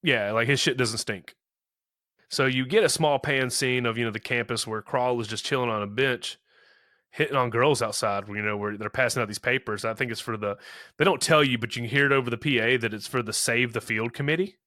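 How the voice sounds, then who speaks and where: A man in his thirties chats through a movie recap, loose and rambling, scattering fillers and slipping into the characters' lines. His voice is bright and forward. The sound is dry and close. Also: mid-range voice, a little fast, dry recording. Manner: rambling, many "you know" fillers, acts out quotes. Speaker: podcast co-host. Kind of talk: casual movie recap chat.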